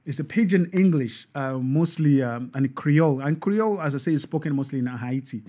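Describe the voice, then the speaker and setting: A man hosting a live online show, talking in an animated, preachy way with frequent restarts and self-corrections. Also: a little high, a little fast. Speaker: host.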